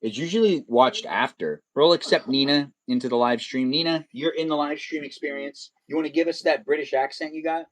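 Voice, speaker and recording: A man's voice: fairly high pitch, brisk, hardly any pauses. A man hosting a live stream, chatting casually and teasing his guests and chat.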